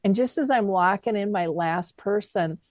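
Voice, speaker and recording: A middle-aged woman hosting a talk show, telling an anecdote in a lively, conversational way. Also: mid-range voice, normal speed, dry recording. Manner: lively anecdotal, acts out quoted dialogue. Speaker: podcast host. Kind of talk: conversational storytelling.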